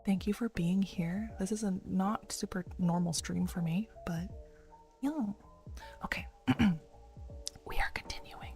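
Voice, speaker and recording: A woman streaming in a hushed, half-whispered morning voice, reading an academic paper aloud in a soft ASMR style and chatting casually in between. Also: lowish voice, steady tone, a little slow, long pauses. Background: faint background music.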